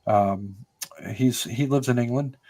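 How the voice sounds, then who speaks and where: Speaking at a measured pace in a mellow, medium-pitched voice, this older guest from the United States rambles through casual stories on a podcast. He uses many fillers and keeps restarting his sentences.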